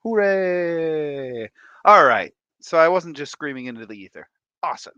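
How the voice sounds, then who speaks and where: Tired, animated man livestreaming. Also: medium pitch, brisk, no echo, muffled recording. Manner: animated, playful, breaks into laughs and silly voices. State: tired and congested. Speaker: livestream host. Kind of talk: casual livestream chat.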